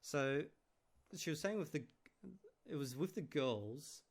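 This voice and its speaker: A man's voice: a little high, animated, slow pace. A man vlogging in casual chat, translating clips aloud with many fillers and restarts. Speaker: vlogger reviewing a language course.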